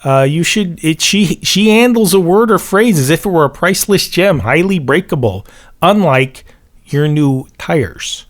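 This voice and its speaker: A man voicing a small-town male mechanic with a Chicago accent, pitching a record along with a brake job. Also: lively intonation, measured pace. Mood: salesy.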